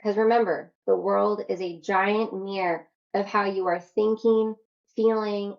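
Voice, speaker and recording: A young woman coaching on self-love in a casual, energetic workshop talk, swearing freely. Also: fairly low pitch, lo-fi sound. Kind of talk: workshop talk to an online audience.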